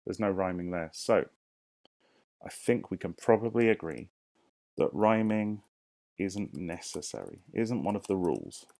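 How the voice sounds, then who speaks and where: A low, gravelly male voice, recorded dry and close with no room sound. He is a primary teacher giving a recorded lesson. He talks slowly to young children, asks questions and counts syllables aloud. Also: expressive, darkish tone, no echo.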